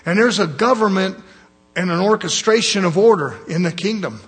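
A man preaching a sermon, emphatic, repeating phrases for stress, with a husky voice. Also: sits high, moderate pace.

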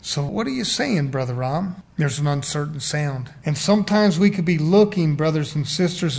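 A man preaching a sermon in a folksy, emphatic way, swinging between loud and quiet and acting out quoted voices. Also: fairly high pitch.

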